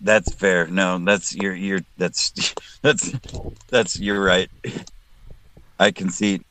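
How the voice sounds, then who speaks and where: A man's voice: deep voice, little pitch movement, slow, pushed and bright, no echo, poor audio. A man from South Texas, a guest on a casual podcast call, chatty and joking, often restarting his sentences.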